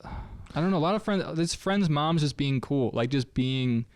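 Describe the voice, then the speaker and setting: A man's voice: a little high, animated, normal speed, smooth, no echo. Young man rambling in dry close sound. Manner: rambling, full of fillers and trailing thoughts. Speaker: podcast co-host. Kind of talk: casual chat.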